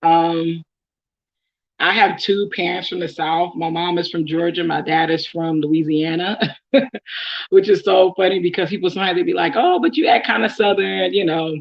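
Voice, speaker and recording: The sound is lo-fi, and the woman's fairly low voice comes across flat at a moderate pace. She's young, from Oakland with a Bay Area accent, casually answering follower questions to camera, laughing often and um-ing plenty.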